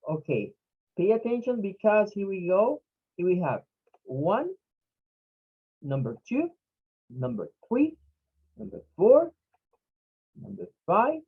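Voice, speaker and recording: An English teacher whose first language is Spanish gives an online pronunciation lesson, slowly drilling each syllable and sound. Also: mid-range voice, husky, dull audio.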